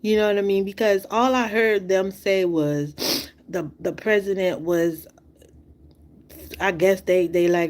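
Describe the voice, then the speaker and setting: A woman's voice: lowish voice, measured pace. Tearful woman venting on a livestream. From outside the United States. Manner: impassioned, repetitive, rhetorical questions. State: fighting back tears. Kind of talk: emotional livestream monologue.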